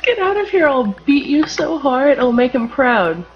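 A woman voicing a cocky young bully boy who makes loud threats. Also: high-pitched, sing-song, measured pace, pitched above the performer's own voice, exaggerated voice. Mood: threatening. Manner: boastful, loud. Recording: muffled recording, faint music.

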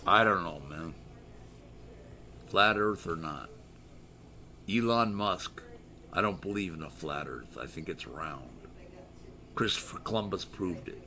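A man's voice: deep voice, lively intonation, measured pace, long pauses, pushed and bright, slight background noise. A middle-aged American man hosting a live stream, rambling and joking as he reads viewer chat aloud in casual talk. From United States.

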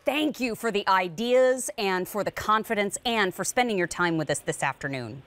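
A woman's voice: mid-range voice, expressive, normal speed, fairly bright tone. A woman hosting a live home shopping show in a studio kitchen, with bubbly, upbeat sales patter. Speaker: shopping channel host.

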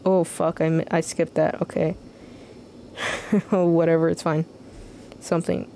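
A young woman streaming a video game live, cracking profane, slangy jokes as she plays. Her voice is low and mellow. Her pace is slow and laid-back. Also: level tone, a little hiss or hum. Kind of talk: live gameplay commentary.

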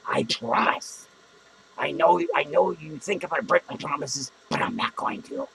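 A man's voice: fairly high pitch, animated, normal speed, vocal fry, noisy background. A man playing a crude, drunk clown who hosts a podcast from a small studio, rambling and swearing between cackling laughs. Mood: boozy rambling. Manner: rambling, profane, self-mocking, with loud cackling laughs. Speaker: podcast host. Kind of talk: comic in-character podcast rant.

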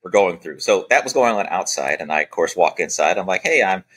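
With a deep voice carrying a breathy edge, this podcast guest, a former Air Force special operator, tells a bright, punchy story a little fast. In the casual storytelling interview he acts out quoted dialogue animatedly, sprinkling in many "you know" fillers.

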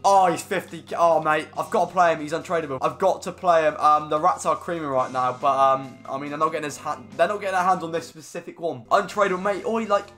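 A young man chatting through a video game pack opening, excitable and slangy, with bursts of shouting at big pulls. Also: fairly high pitch, fast, few pauses, soft background music. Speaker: gaming YouTuber. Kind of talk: casual pack-opening commentary.

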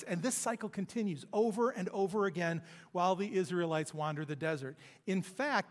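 A man preaching a sermon in a church, retelling scripture as a story with emphatic pauses. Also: sits high. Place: church sanctuary. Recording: long hall reverb.

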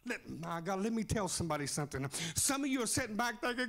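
A pastor preaching a fiery revival sermon in a church service, shouting and sing-song, punctuating phrases with "uh". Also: male voice, high-pitched, sing-song, fast, hardly any pauses.

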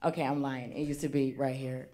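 Animated woman doing stand-up comedy. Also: very deep voice, a little fast. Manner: lively, animated delivery with big swings in loudness. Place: theater stage before a live audience.

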